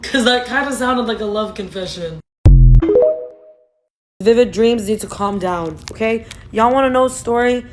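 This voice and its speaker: A woman's voice: fairly high pitch, normal speed, pauses often, music in the background. A young woman in her twenties talking casually and frankly to her phone camera, swearing and saying "like" a lot. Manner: chatty, frank, swears, lots of "like". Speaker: TikTok creator.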